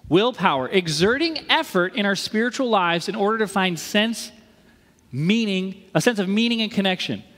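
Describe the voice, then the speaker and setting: Pastor, male, 30s, light high voice, chatty storyteller, big echoing hall. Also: a bit bright. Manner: conversational storytelling with playful asides. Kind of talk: sermon. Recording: long reverb of a big hall.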